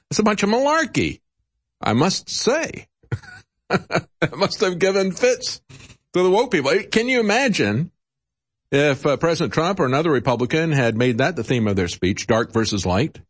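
A man's voice: on the high side, very animated, normal speed, husky. A man hosting political commentary, talking in a sarcastic, mocking way with chuckles and many "uh" fillers. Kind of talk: opinionated radio-style commentary.

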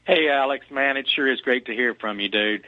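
A man with a Southern US accent calling in to a radio show, earnestly listing advice in quick strings. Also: mid-range voice, no room sound, dull audio. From Kentucky. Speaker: caller. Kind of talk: phone-in call to a radio show.

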